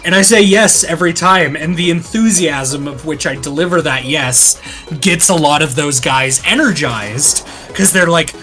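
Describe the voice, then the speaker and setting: A man chatting casually during a game session, telling lively stories and acting out other people's lines. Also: a little high, moderate pace, soft background music. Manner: animated storyteller who acts out quoted voices. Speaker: co-host of a gaming let's play. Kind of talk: casual chat.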